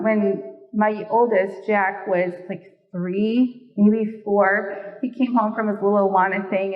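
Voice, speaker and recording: A middle-aged woman teaching a sermon in a chatty way, joking with her listeners between points. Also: mid-range voice. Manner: conversational, playful asides to the audience. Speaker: Bible teacher. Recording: distant, dull, long hall reverb.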